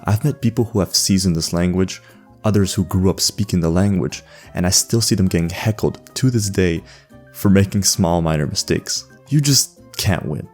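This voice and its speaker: Deep-voiced sarcastic young man. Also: moderate pace, a little mellow. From Canada. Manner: sarcastic, joking, laughs mid-sentence. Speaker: language-learning video host. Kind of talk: comedic voice-over explainer. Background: faint background music.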